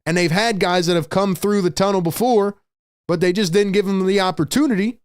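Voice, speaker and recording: A man hosting a live fan stream, calling the game play by play and reacting excitedly while talking to viewers in the chat. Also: sits high, fairly quick, clear, resonant tone, no echo, clean studio sound. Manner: excitable, shouts big plays, chats with viewers. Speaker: livestream host.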